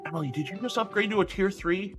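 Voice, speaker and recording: Over music, a woman VTuber chats affectionately and casually with her audience at a quick pace in a medium-pitched voice. She keeps calling viewers honey and sweetie, giggling frequently.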